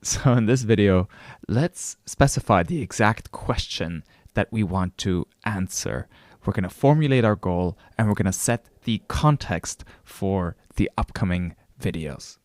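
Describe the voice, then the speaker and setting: A man's voice: lowish voice, animated, measured pace, a little mellow, dry recording. A male course instructor narrating a recorded lesson, telling a story and speaking straight to the listener. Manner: storytelling, addresses the listener directly.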